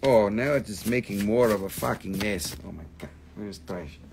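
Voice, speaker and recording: A man's voice: fairly low pitch, brisk, gravelly, noisy background. A man hosting a casual live stream where he sells rocks and crystals, joking, rambling, and swearing freely. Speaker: crystal shop host.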